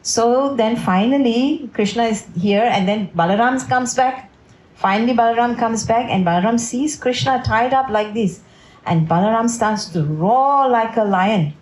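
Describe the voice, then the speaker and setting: A woman's voice: on the high side, measured pace, a little mellow. A woman giving a devotional storytelling talk at a family home, often checking in with her listeners. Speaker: devotional speaker. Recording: roomy echo in a home.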